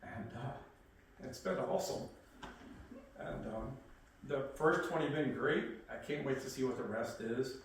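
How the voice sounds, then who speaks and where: A man's voice: medium pitch, unhurried, long pauses. A man gives his wedding vows in a loose, rambling way, full of ums and small laughs. He is heard from a distance in a very echoey room. Faint noise sits behind him. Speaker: groom.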